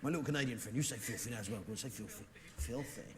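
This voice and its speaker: A man's voice: medium pitch, rapid-fire. A man with an English accent doing stand-up comedy, blustering in a mock-patriotic pub manner and barking asides at the crowd. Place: theatre stage before a live audience. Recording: live show clip with loud audience noise.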